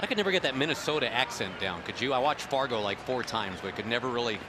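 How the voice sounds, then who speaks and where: A man's voice: mid-range voice, expressive, fast talker. A man doing play-by-play commentary on a baseball broadcast, joking and chatty between plays. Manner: joking, conversational. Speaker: play-by-play announcer. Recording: loud crowd and noise behind. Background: ballpark crowd.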